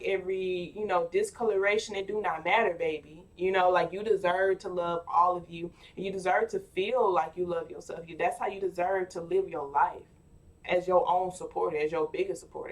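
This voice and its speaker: A woman's voice: lowish voice, steady tone, fairly quick, far from the mic. Chatty woman reading tarot, a bit off-mic. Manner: chatty, playful, talks straight to viewers with filler words. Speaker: tarot card reader. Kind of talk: casual tarot reading for viewers.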